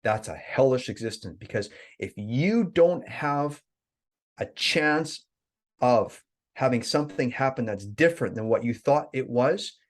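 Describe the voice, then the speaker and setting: A man, a life coach and podcast guest, telling a story in an animated way. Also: medium pitch, measured pace. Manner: animated storyteller, lively swings.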